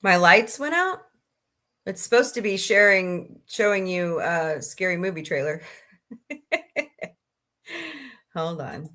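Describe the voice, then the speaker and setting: A woman's voice: lowish voice, animated, slow, pauses often, fairly bright tone. Sniffly woman hosting a chatty livestream. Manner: rambling, chatty, greets viewers by name. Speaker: livestream host. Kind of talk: casual livestream chat.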